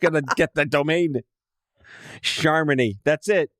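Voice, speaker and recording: A man's voice: on the high side, unhurried, a bit bright, no room sound, studio quality. A man co-hosting a podcast in casual chat, cracking jokes and slipping into silly voices. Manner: joking, puts on silly voices. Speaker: podcast co-host.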